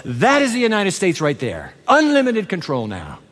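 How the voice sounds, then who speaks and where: A man's voice: high voice, wildly swooping pitch, normal speed, a bit bright, in a large hall. A man preaching a sermon with emphasis, having the congregation repeat lines after him. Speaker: pastor.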